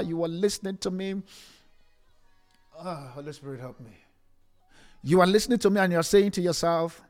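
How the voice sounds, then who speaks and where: A man with a high-sitting, darkish voice streams an emotional sermon. He pleads and repeats himself, frequently stumbling and restarting his words.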